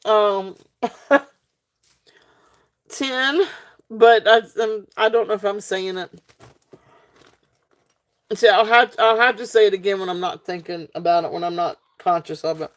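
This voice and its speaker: A woman from the Southern United States hosts a live-stream sale, chatting casually with plenty of ums and frequent giggles. Her medium-pitched voice holds a steady tone at a measured pace, broken by long pauses.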